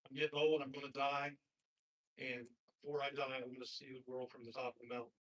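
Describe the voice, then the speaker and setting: A man's voice: mid-range voice, level tone, fairly quick, a bit bright, lightly acted. A man telling of an old sly snake. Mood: coaxing. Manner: pleading, then coolly unrepentant. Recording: husky voice from far off the mic.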